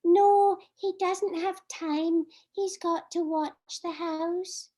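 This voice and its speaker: A woman's voice: very high-pitched, steady tone, takes it slowly, dark tone, pitched above the performer's own voice. A woman playing a guarded little girl who answers questions in a matter-of-fact way. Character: bold, poor little girl friend, guarded.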